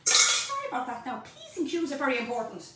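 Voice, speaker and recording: A woman's voice: high-pitched, huge pitch swings, fast talker, very echoey, recorded from a distance, very noisy. An Irish woman teaching a home baking class, chatty and playful, talking straight to her viewers. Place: home kitchen.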